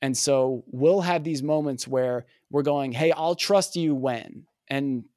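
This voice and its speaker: A man guesting on a podcast, telling a personal story in an earnest, animated way and acting out the dialogue. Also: mid-range voice, takes it slowly, no room sound, studio quality. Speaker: podcast guest, communication coach.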